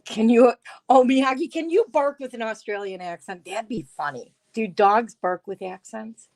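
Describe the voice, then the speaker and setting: A woman's voice: fairly high pitch, moderate pace, a little mellow. A middle-aged woman hosting a casual live stream, reading chat aloud with sarcasm and frequent laughs. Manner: sarcastic, laughs often, chats with viewers. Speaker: livestream host reading chat.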